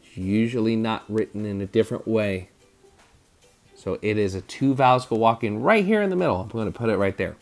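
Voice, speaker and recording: A man's voice: on the low side, expressive, fairly quick, a little mellow, faint music behind. A man teaching a spelling lesson to fourth graders, sounding out letters and syllables, with bursts of energy like "bam".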